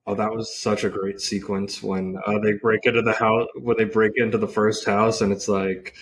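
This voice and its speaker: Lower-voiced man with dry remarks. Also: little pitch movement, normal speed, slight background noise. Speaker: podcast co-host. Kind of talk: casual film discussion.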